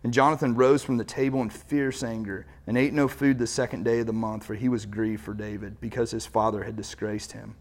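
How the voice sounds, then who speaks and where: A man's voice: lowish voice, level tone, brisk, few pauses. A man preaching as pastor, reading scripture aloud and retelling it in casual everyday speech.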